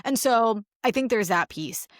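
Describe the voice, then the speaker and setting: This podcast co-host, a woman in her thirties, has a slightly high voice with lively intonation and an unhurried pace. Her casual chat is full of fillers and acted-out quotes, and the clean studio sound has no echo.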